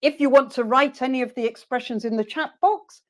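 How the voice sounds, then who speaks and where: In a webinar, a woman teacher trainer with a high voice encourages her listeners and models phrases slowly for them to repeat.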